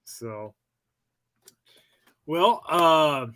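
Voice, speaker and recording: A man hosting a casual interview, a Marine veteran who stops to explain things for his listeners in a relaxed way. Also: fairly high pitch, drawn-out words, clear, resonant tone, dry recording, low-quality recording. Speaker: podcast host, Marine veteran.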